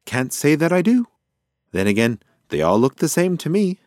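A man voicing a boastful, joking male pigeon who talks in loud, high, theatrical bursts. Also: very animated, moderate pace, no echo, clean studio sound.

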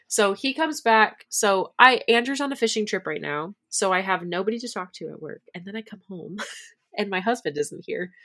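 A woman co-hosting a podcast, a teacher chatting casually, telling stories with bursts of excitement and laughter. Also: fairly low pitch. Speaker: podcast co-host. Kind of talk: casual chat.

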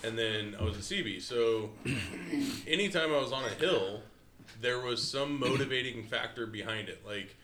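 A man's voice: medium pitch, moderate pace, bright, forceful tone. Swearing man in an echoey room. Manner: profane, heavy swearing. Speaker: podcast co-host, veteran. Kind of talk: casual podcast chat. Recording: echoey room with faint noise.

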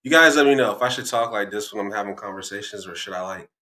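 A man's voice: on the low side, fast talker, sharp tone, roomy sound, low-quality recording. A young man hosting a podcast, playful and teasing in casual, slangy chat. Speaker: podcast host.

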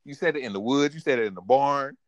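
A man's voice: mid-range voice, expressive, quick pace, dry recording. A man co-hosting a casual recap podcast, talking animatedly, laughing often and quoting characters in a raised voice. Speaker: podcast co-host. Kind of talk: casual anime recap chat.

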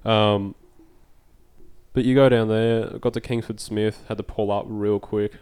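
A man's voice: lowish voice, fairly even intonation, measured pace, a little mellow, clear, resonant tone. A young man with an Australian accent, hosting a podcast and telling an anecdote in casual, slangy, swearing chat. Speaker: podcast host.

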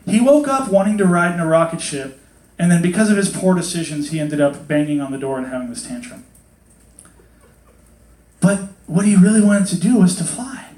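Chatty, animated man preaching in an echoey hall. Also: high voice, brisk. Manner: chatty, animated, acts out quotes with voices. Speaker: pastor. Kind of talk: casual sermon. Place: hot hall with a congregation.

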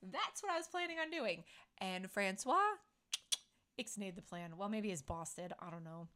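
A woman's voice: medium pitch, animated, normal speed, sharp tone. A middle-aged woman hosting a casual chat, talking playfully and acting out quotes as she tells stories. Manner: chatty, playful, acts out quotes. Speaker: podcast host.

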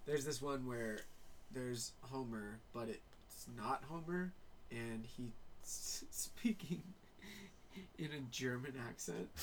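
A man's voice: medium pitch, slight background noise. A man co-hosting a podcast, trading dry, teasing banter in casual chat. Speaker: podcast co-host.

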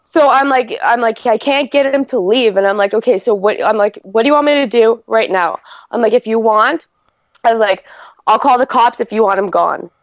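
A woman's voice: a little high, moderate pace, dry recording, lo-fi sound. A woman and mother, telling a story in casual chat, rambling with lots of "like" and swearing.

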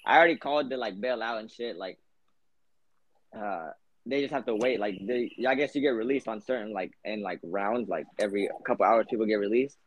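A man's voice: on the low side, a little fast. A young man hosting a podcast, telling a long story in a rambling, profane way, full of fillers. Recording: dull lo-fi podcast audio.

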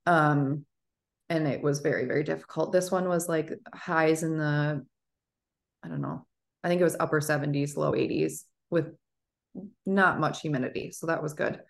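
A woman in her thirties, co-hosting a podcast, telling an animated story in casual chat with plenty of fillers. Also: sits low, moderate pace, creaky. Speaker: podcast co-host.

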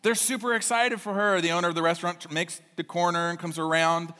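Animated pastor in echoey hall. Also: male voice, sits high, quick pace. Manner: animated, chatty storytelling. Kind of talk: sermon storytelling.

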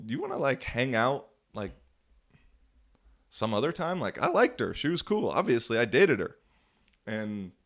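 A young man hosting a podcast, telling stories in a casual, slangy way with lots of filler words. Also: medium pitch. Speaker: podcast host. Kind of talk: casual storytelling monologue.

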